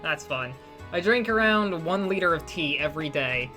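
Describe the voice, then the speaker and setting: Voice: mid-range voice, animated, moderate pace, bright, forceful tone, soft background music. A streamer with a slight British accent chatting casually while playing a game live, answering chat and often restarting sentences.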